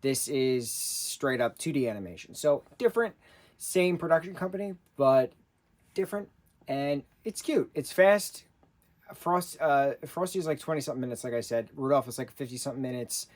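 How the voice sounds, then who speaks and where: A man's voice: medium pitch, moderate pace. A man in his thirties giving a casual, rambling spoken review, with frequent restarts and fillers. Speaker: vlogger reviewing a TV special.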